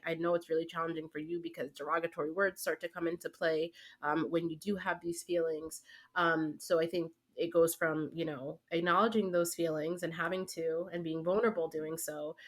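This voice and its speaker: A young woman, a teacher and guest, talking in casual conversation and often filling with "like" and "right?". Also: on the low side. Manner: animated, heavy fillers like "like" and "right?".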